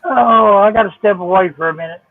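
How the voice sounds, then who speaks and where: Man, high voice, husky, dry close sound, muffled lo-fi call audio. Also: fast, no room sound. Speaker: livestream co-host. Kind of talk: casual chat.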